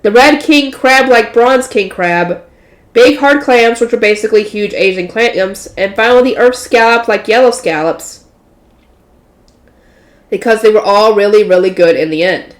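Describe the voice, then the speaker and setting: A woman's voice: medium pitch, normal speed. A tired woman reading a light novel aloud in a casual way, correcting slips and adding chatty asides. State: tired and yawning. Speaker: audiobook reader. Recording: roomy echo.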